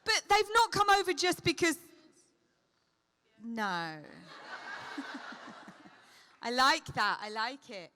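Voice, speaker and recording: A middle-aged woman answering fan questions at a convention, chatty and quick to call people darling while telling lively anecdotes. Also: high-pitched, slight background noise. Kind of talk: convention Q&A storytelling.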